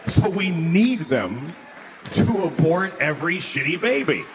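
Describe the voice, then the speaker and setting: A man's voice: on the high side, big pitch swings, measured pace, slight background noise. Crude, mocking male stand-up comic. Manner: crude, mocking, acts out voices. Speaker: stand-up comedian. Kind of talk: stand-up comedy. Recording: live show with crowd laughter.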